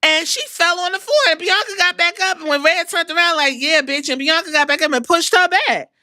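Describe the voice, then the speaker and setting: A woman hosting a podcast, recapping wrestling in a casual, animated and profane way. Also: extremely high pitch, a little fast, no room sound, studio quality. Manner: animated, profane, acts out quotes. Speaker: podcast host.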